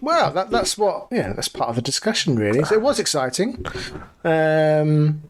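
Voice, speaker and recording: A man from Cornwall chatting on a podcast in a laid-back, dry way, with plenty of hesitant ums between thoughts. His voice sits slightly high for a man. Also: very animated, normal speed, a little hiss or hum. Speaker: podcast co-host. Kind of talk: casual chat.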